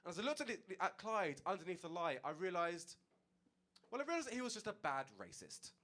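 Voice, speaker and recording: A young man doing a stand-up comedy set on stage, telling a story with animated delivery and acted-out dialogue. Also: high-pitched, fairly quick. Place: comedy stage before an audience.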